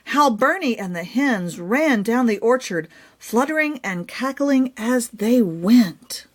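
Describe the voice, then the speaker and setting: A woman author reading her own children's story aloud. Her delivery is unhurried and very expressive, with a lively, swooping melody, and her voice sits a bit high.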